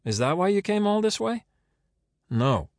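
A man's voice: mid-range voice, sing-song, normal speed, no echo, pitched above the performer's own voice, natural voice. A man voicing a dry, sarcastic woman who is being questioned again, giving curt answers. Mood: wry. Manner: sardonic, curt replies.

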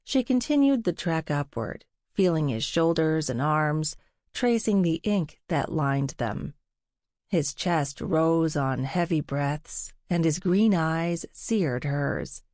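A woman reading a novel aloud as narrator, in a measured, unhurried way. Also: low-pitched, expressive, a little mellow, no echo, studio quality. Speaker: audiobook narrator. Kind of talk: scripted narration.

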